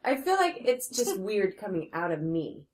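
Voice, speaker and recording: A woman with a mid-range voice joins a casual chat, sounding self-conscious and amused about herself. Her pitch is ordinary for a woman. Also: sing-song, normal speed.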